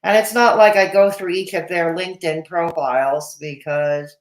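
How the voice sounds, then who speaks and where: A woman's voice: fairly low pitch, steady tone, moderate pace. Woman host, casual reaction chat, blunt, dismissive, echoey room. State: has the hiccups. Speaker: commentary channel host.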